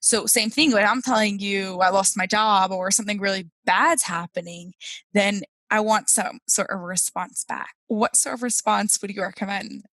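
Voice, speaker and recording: Woman podcast host, bright crisp voice, dry close sound, says like a lot. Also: medium pitch, moderate pace, dry recording, poor audio. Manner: asks questions, laughs easily, uses "like" a lot. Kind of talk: casual interview chat.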